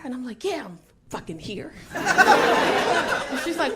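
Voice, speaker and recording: A middle-aged woman performing a stand-up set with brash, profane, animated storytelling. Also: high-pitched, measured pace, pauses often. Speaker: stand-up comedian. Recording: live room with noisy crowd.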